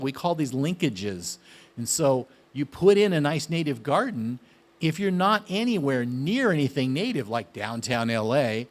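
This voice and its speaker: A man giving a casual, enthusiastic gardening talk, often asking his listeners questions. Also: mid-range voice. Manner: chatty, enthusiastic, asks the audience questions. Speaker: gardening speaker.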